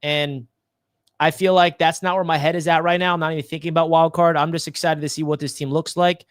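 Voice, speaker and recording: A man's voice: on the high side, flat delivery, fast, dry recording, studio quality. A man on a casual podcast panel, giving confident, emphatic football analysis. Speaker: Jets fan panelist.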